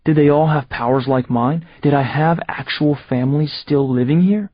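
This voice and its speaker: A man with a husky voice narrating a first-person audiobook in a steady, measured way. The recording is dry and close, with a slightly dull, muffled top end. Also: medium pitch, dry recording.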